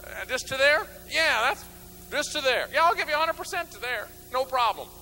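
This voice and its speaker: A man giving an energetic motivational talk from a stage, acting out little scenes and swinging from loud bursts to low mutters. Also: fairly quick, a little hiss or hum, low-quality recording. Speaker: motivational speaker. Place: stage before an audience.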